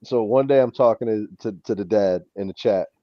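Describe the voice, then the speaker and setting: In a casual chat, a New York–accented co-host recounts a story with energy, acting out the other people's lines. He speaks at a moderate pace in a lowish voice, on a dry recording with dull lo-fi sound.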